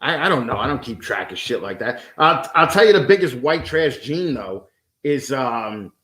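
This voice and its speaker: A man's voice: mid-range voice, big pitch swings, normal speed, fairly bright tone, echoey room. A man as a podcast guest in casual chat, ranting with heavy swearing and stammering restarts.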